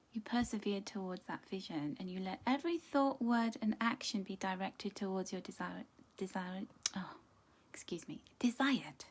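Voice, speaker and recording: A middle-aged woman giving a live pick-a-card reading, gentle and encouraging, chatting warmly and greeting viewers by name. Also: medium pitch. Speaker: angel card reader.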